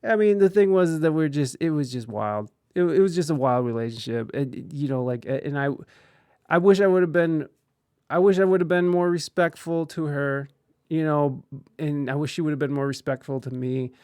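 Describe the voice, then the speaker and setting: Candid and profane, a man hosting a podcast laughs often as he casually recounts a personal story. He speaks at a moderate pace in a voice on the high side, clean and darkish, recorded in studio quality without echo.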